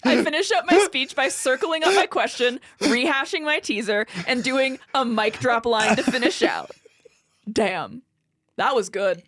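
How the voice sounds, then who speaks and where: A woman hosting a casual podcast, reading a listener's story aloud in an animated way and laughing easily. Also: high voice, measured pace, no room sound.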